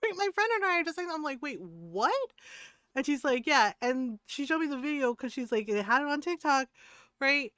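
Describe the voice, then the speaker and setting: Woman streamer, high clear voice, dry close mic, gossipy and swearing. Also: a little fast, dry recording. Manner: animated storyteller, swears freely, laughs often. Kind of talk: casual chat while gaming.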